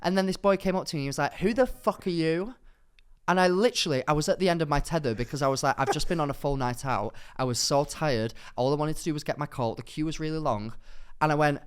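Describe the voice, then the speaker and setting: A young man co-hosting a podcast, telling animated and indignant stories in casual chat. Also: a little high, fast talker, smooth. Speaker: podcast co-host.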